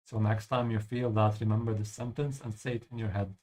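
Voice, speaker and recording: A man's voice: on the low side, little pitch movement, brisk, mellow. A man teaching German while playing a game, explaining patiently and ending his points with "yeah?". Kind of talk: language lesson over gameplay.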